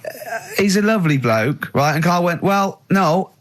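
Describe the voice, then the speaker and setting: A man hosting a casual chat, telling a story in an animated way with frequent laughter. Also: sits high, normal speed. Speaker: host.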